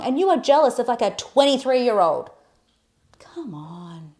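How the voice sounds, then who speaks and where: Young woman co-host, lively storyteller who swears and acts out quotes. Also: a little high, moderate pace. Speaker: podcast co-host. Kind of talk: casual storytelling chat.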